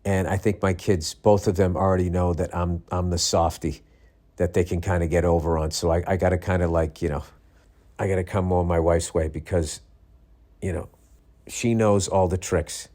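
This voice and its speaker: Tired, profane man, low voice. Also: normal speed. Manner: profane, rambling, animated storytelling with mimicked voices. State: tired, yawning. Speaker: podcast host. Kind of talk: casual comedic monologue.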